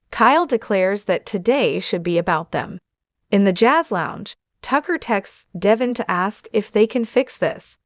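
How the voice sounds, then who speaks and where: A woman narrating a soap opera recap in an even, measured reading. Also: medium pitch, no room sound, clean studio sound.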